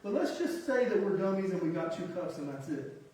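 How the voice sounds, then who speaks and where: This pastor's voice is high and sing-song with a darkish tone, and he speaks a little fast. His sermon is emphatic and conversational, full of self-deprecating asides and one-word lists, and it's captured from a distance in an echoey hall.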